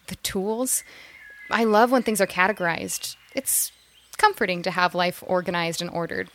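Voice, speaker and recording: A woman's voice: fairly low pitch, normal speed, fairly bright tone, close to an everyday voice. A woman playing a nervous, chatty young mother. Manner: chatty, nervous with small laughs. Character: eager young mother, psychology graduate.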